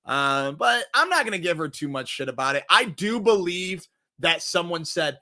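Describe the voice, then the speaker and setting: A man's voice: high voice, lively intonation, a little slow, pushed and bright. A man hosting a casual movie review show, talking animatedly, swearing freely and acting out quotes.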